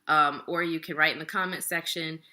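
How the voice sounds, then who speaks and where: A young adult woman explaining a relationship topic in a calm, plain-spoken casual talk to the camera. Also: low-pitched, fairly quick. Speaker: relationship educator.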